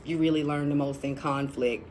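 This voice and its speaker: A woman's voice: low voice, steady tone, moderate pace, a little mellow, a little hiss or hum. A woman telling a personal story in a casual vlog, blunt and chatty, full of profanity and dramatic asides.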